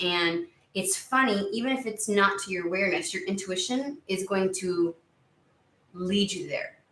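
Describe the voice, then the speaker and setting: A woman talking through a tarot reading in a loose, rambling way, circling around her words. Her voice is bright and clear-toned, set back from the mic in an echoey room. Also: lowish voice, distant mic. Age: under 70. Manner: rambling, searching for words, many "like"s. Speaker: tarot reader. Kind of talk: casual spoken tarot reading.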